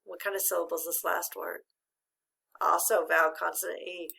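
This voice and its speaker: A woman's voice: lowish voice, flat delivery, fairly quick, gravelly, bright, forceful tone, husky. A middle-aged woman teaching a patient, encouraging phonics lesson to a child. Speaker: reading teacher.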